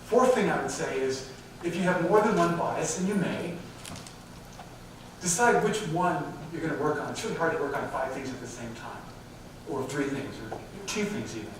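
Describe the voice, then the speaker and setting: A man's voice: fairly high pitch, normal speed, a little hiss or hum. A man giving a live talk on diversity to a company audience, speaking directly and putting questions to the listeners. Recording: very echoey hall, mic far off.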